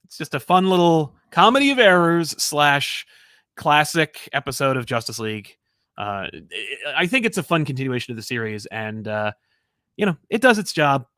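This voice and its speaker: A man co-hosting a casual live comics chat, rambling and self-deprecating, with halting restarts. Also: on the high side, sing-song, sharp tone, no room sound, studio quality. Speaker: co-host of a comics show.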